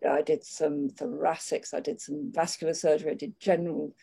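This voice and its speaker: An older woman speaking in a measured, candid way, with frequent restarts, reflecting on her working life. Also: deep voice, level tone, vocal fry, dark tone, slightly rough. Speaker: interviewee. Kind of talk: reflective conversation.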